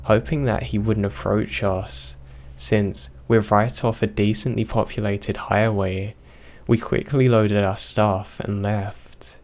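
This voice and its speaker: Slow, low-voiced male horror narrator. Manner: slow, even storytelling. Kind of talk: reading horror stories aloud.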